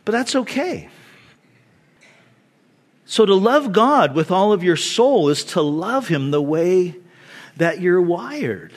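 A pastor with a high-pitched voice delivers a sermon in an easy, conversational way. He tells stories and makes asides to the congregation, and his delivery stays animated throughout. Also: unhurried.

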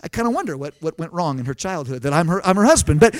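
A man in his thirties, a pastor preaching a lively sermon full of stories and quoted dialogue. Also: fairly high pitch, fast talker, few pauses, no room sound. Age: 30s. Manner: animated storytelling with laughs and acted quotes. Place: live talk at a family camp.

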